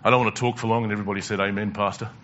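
A man's voice: on the low side, fairly even intonation, very fast, a bit bright, highs cut off, a little hiss or hum. A male pastor preaching a conversational sermon, asking the congregation questions and repeating words as he goes.

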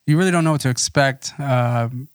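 Male podcast co-host, smooth clear voice, laid-back and swearing, dry mic. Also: mid-range voice, dry recording. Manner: laid-back, profane, halting restarts. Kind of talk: casual movie review chat.

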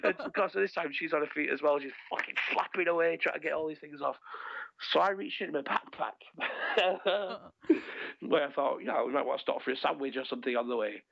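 Gravelly man telling a bawdy story. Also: on the high side, a little fast. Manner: bawdy, swearing, laughing through his story. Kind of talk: casual storytelling. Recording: dull lo-fi podcast audio.

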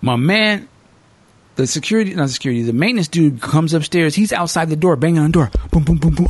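A male podcast host telling a movie plot in a lively, sing-song voice that swoops up and down, sitting slightly high for a man. He acts out the characters as he goes, and the sound is dry and close. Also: fairly quick, husky, no room sound. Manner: animated storyteller, acts out characters. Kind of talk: casual movie recap.

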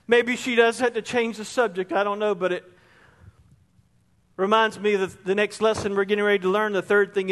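High-voiced man preaching in a hall. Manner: impassioned preaching, rising to near shouts. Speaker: pastor. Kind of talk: sermon. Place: church sanctuary. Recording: long reverb of a large hall.

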